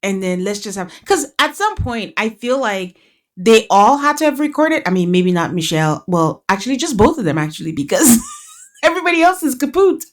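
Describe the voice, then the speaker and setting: A woman hosting a podcast, recapping casually in a lively way, acting out quotes and laughing often. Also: a little high, a little fast. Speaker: podcast host.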